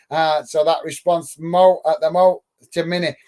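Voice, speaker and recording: A man's voice: a little high, flat delivery, measured pace, a little mellow. A man hosting a live football watch-along, commentating on play and reading out viewer comments in a friendly way with many fillers.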